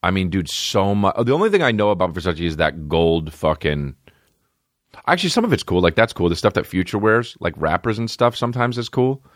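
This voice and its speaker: A low-pitched man hosts a casual podcast from his home, cursing freely as he rambles and restarts his sentences. His delivery is lively, with pitch leaping high and low, and the recording is close and dry. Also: a little fast, dry recording. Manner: profane, animated, rambling with many restarts. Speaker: podcast host. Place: at home, dogs nearby. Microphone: podcast microphone.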